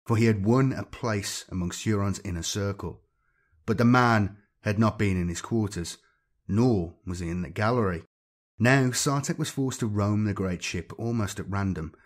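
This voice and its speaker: Male audiobook narrator for sci-fi fiction, low husky voice, steady delivery.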